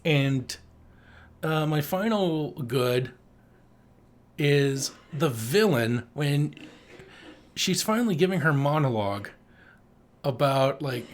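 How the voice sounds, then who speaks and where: Crude joking male podcast host. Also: a little high. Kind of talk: casual chat.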